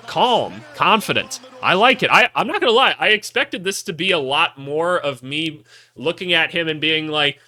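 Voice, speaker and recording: A man calling out basketball clips in a casual, excitable way, joking and cheering plays as he watches. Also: a little high, normal speed, no echo. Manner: excitable, jokey, voices players in asides. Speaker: basketball analyst. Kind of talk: casual video commentary over game clips.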